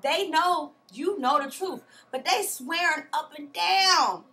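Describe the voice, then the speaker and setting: Chatty woman with a bright voice. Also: high voice, slow. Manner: chatty, animated, with slang and acted-out quotes. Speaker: TV recap vlogger. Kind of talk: casual recap chat. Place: home.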